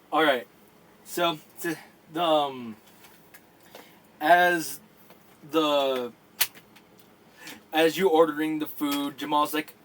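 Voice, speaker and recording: A man narrating a tabletop game as dungeon master, in a halting, casual way with many fillers. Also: fairly high pitch, fairly bright tone.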